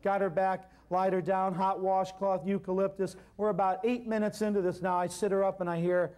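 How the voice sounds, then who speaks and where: A man giving an animated seminar talk, telling a story and addressing the audience directly. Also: high-pitched, fairly quick. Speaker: natural healing speaker.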